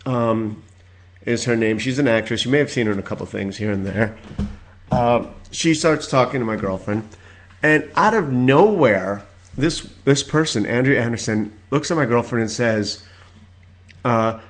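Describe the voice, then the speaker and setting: A man in his forties hosting his own podcast, telling stories in a rambling casual rant full of filler words and loud exasperated outbursts. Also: medium pitch, moderate pace. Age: 40s. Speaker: podcast host.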